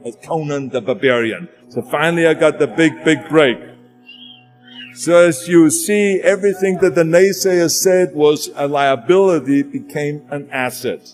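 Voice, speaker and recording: A man's voice: fairly high pitch, darkish tone. A man with a German accent giving a motivational speech, emphatic and repeating his key phrases. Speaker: motivational speaker. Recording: long hall reverb with music underneath.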